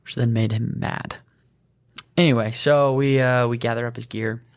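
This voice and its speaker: A young man co-hosting a podcast, telling an animated work story and laughing as he goes. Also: medium pitch, moderate pace. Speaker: EMT podcast co-host. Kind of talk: casual storytelling chat.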